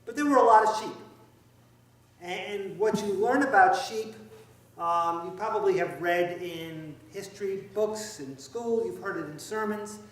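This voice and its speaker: A priest delivering a conversational, wry and emphatic sermon, with asides to the congregation. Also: male voice, high voice, a little slow, a bit bright. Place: church sanctuary. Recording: echoey church, heard from far off.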